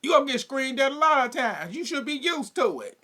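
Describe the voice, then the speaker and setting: A man's voice: very high-pitched, fairly quick. A man giving a casual, sassy and profane recap of a reality show. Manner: sassy, profane, laughing, animated.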